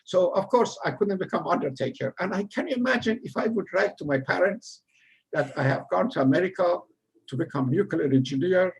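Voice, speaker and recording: A man's voice: high-pitched, lively intonation, a little fast, gravelly, slightly rough. An older man from Iran, telling his immigrant story in a rambling, humorous way. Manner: rambling, humorous, laughs at himself. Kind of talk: casual storytelling talk.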